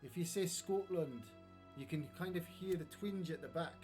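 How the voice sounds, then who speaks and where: A man's voice: fairly high pitch, normal speed, a little mellow. A man chatting casually on a live game stream, rambling and joking while he plays. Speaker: streamer playing a retro console game. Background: music.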